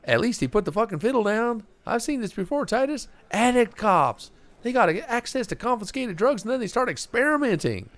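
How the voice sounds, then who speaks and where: A man putting on a high, jeering bar tough. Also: very animated, a little fast, dry recording, full character voice. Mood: scornful. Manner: mocking, blunt.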